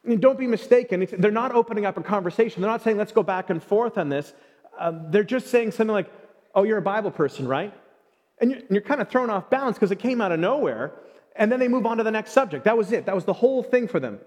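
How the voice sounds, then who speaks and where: A man giving a sermon in an animated way, often acting out short everyday exchanges. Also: sits high, quick pace. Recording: long reverb.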